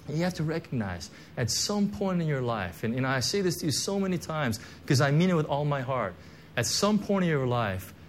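A man preaching with the loose, conversational rhythm of a personal testimony, full of fillers and restarts. His voice sits at an ordinary middle pitch. A faint hum of ambience lingers behind him. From Korean heritage, church background. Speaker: pastor.

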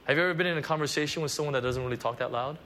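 A man preaching a conversational sermon at a church service, animated and full of asides. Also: fairly high pitch, very fast, slight background noise. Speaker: pastor.

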